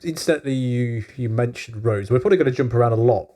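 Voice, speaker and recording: A man co-hosting a casual review podcast, wry and measured, often laughing. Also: medium pitch, dark tone. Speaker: podcast co-host.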